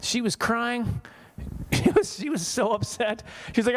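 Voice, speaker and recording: A man's voice: extremely high pitch, a little slow. A man in his forties from Saskatchewan doing a chatty, self-mocking stand-up comedy set, laughing at his own jokes. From Saskatchewan, Canada. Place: church hall.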